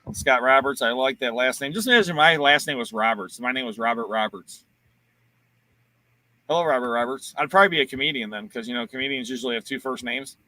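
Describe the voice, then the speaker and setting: Bright-voiced joking livestream host. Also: male voice, medium pitch, quick pace. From Ohio, US. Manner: joking, reads viewer comments aloud. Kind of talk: casual livestream chat.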